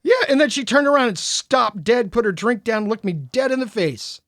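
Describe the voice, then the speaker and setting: Speaking at normal speed in a very high-pitched, animated voice that's a bit bright, a man co-hosting a podcast tells a story in casual chat. He acts out quoted lines with animation, and the clean studio recording has no room sound.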